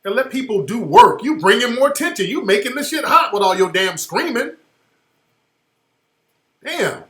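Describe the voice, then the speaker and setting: A man's voice: very high-pitched, sing-song, normal speed, fairly bright tone, roomy sound. A man hosting a talk radio show, giving blunt, profane commentary and repeating phrases for emphasis.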